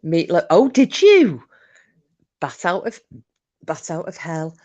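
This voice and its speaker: Low-voiced chatty woman. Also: sing-song, slow, a little mellow, muffled recording. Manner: chatty, rambling, chuckling asides. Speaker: livestream host. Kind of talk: casual chat reading viewer comments.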